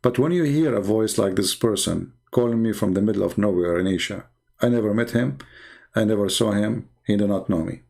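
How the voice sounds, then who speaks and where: A man's voice: lowish voice, fairly quick, gravelly, darkish tone. A middle-aged man whose first language is Arabic, hosting a late-night livestream, tired with a strained voice, talking in an emphatic, preachy way with non-native grammar. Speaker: online debate show host.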